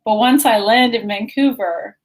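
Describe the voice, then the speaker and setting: A woman with a fairly high voice co-hosting a casual wellness chat. She tells stories in a relaxed, easygoing way and laughs often. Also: unhurried, rough recording. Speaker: co-host. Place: remote location in California.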